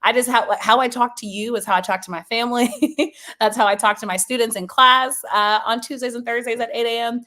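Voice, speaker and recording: A woman from Maryland, a sports journalist, chatting as an interview guest in a lively, talkative way with frequent laughs. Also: fairly high pitch. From Maryland, USA. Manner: lively and talkative, quick laughs, fillers like "you know". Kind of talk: casual interview chat.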